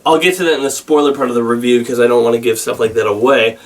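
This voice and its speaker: A man giving a casual spoken film review, rambling and halting with many restarts and fillers. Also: mid-range voice, steady tone, far from the mic. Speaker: movie reviewer.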